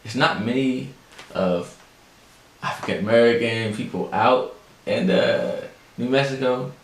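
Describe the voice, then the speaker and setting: A man hosting a podcast, telling a story in a chatty, animated way and talking straight to his listeners. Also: medium pitch, a little slow. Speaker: podcast host. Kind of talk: casual storytelling chat. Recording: echoey room, faint background noise.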